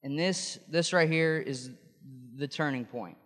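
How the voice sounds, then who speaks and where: A man's voice: fairly high pitch, unhurried, fairly bright tone, in a large hall. A man preaching a sermon, explaining scripture in a conversational way with frequent restarts. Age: adult.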